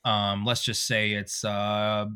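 A man, a voice actor, telling animated stories in a casual interview and acting out quoted dialogue. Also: fairly low pitch, slow, clear, resonant tone. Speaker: voice actor guest.

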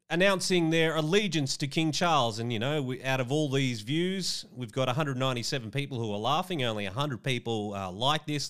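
A man's voice: fairly high pitch, fairly bright tone, clear, resonant tone. A man reading news aloud and adding smug, mocking commentary.

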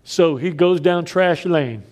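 A man preaching a sermon, telling stories with big swings between loud raised lines and quiet emphatic drops. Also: on the high side, slow pace. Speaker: pastor.

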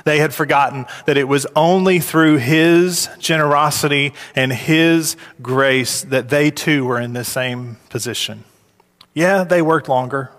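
A man preaching a sermon, his voice climbing high and loud when he acts out complaining workers. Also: a little slow, big-room sound. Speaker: pastor.

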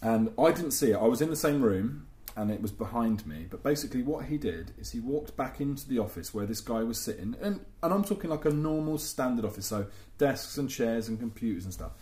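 A man's voice: mid-range voice, expressive, brisk, few pauses, warm tone, reverberant. A young man, a podcast host, telling workplace anecdotes with swearing and laughter. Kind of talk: casual storytelling chat.

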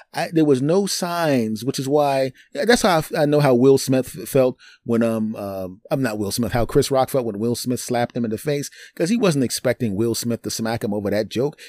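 A man hosting a podcast, telling personal stories in an animated, digressive, joking way. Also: mid-range voice, no echo. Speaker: podcast host. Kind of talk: storytelling monologue.

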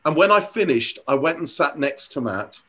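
A man's voice: fairly high pitch, lively intonation, moderate pace, bright, forceful tone, breathy edge. Earnest older man telling a story. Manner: earnest, reflective, many hesitations and restarts. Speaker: church leader. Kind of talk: conversational interview storytelling.

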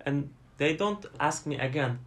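A man's voice: fairly high pitch, animated, unhurried. A Turkish man with a Turkish accent, chatting in an interview about his airline work, storytelling with many fillers and acted-out quotes. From Turkey. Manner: storytelling, acts out passengers' lines, many fillers. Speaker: flight attendant guest. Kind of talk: casual interview chat.

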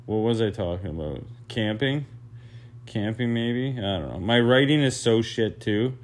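A young man talks alone on his own podcast in a slightly low voice. He rambles from topic to topic, trips over his own words and interrupts himself, dropping swear words casually along the way. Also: animated, measured pace. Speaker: podcast host. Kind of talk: rambling solo podcast monologue.

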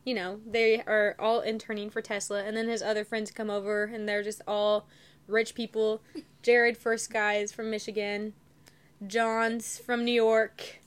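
A woman's voice: medium pitch, flat delivery, unhurried. A young woman co-hosting a podcast, chatting casually, giggling and rambling as she loses her thread. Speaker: podcast co-host. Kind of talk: casual chat.

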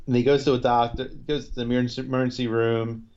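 A man's voice: medium pitch, little pitch movement, quick pace, darkish tone. A man co-hosting a casual chat show, retelling TV scenes in a rambling way full of restarts and fillers. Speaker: podcast co-host recapping a TV episode. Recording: dull lo-fi recording.

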